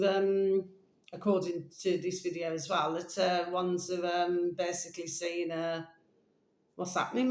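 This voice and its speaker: A woman vlogging in a rambling, casual monologue, full of fillers and slow dictation. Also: on the low side. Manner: meandering, full of fillers, dictating text slowly; coos baby talk to her pet. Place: home room. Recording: echoey room.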